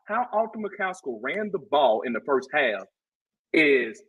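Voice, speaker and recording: Guest co-hosting a casual sports podcast, this man talks football in a slightly rough, higher-leaning voice at an unhurried pace, with the high frequencies cut off. He's impassioned and animated, repeating himself to hammer his points home.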